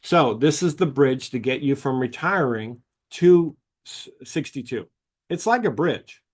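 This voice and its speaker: A man's voice: mid-range voice, expressive, unhurried. A man presenting a seminar on government retirement benefits, explaining formulas in a chatty way and telling anecdotes. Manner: chatty, tells anecdotes, acts out dialogue.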